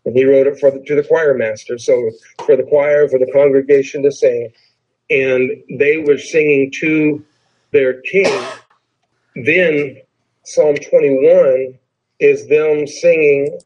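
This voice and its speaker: Husky male preacher teaching scripture. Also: mid-range voice, a little mellow, dull audio. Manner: conversational, explains and repeats points; slows down to read scripture with emphasis. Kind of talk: sermon, Bible teaching.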